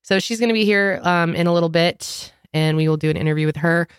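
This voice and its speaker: A woman's voice: on the low side, fast talker, clean tone, no room sound, clean studio sound. A woman co-hosting a casual podcast chat, congested with a sore throat, rambling with lots of fillers. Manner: rambling, filler-heavy, laughs often. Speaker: podcast co-host.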